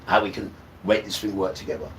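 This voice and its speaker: Male streamer, preachy ranting monologue, bright tone, distant mic with light ambient noise. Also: low-pitched, fast talker, gravelly. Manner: preachy, repeats "right?" to viewers. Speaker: livestreamer.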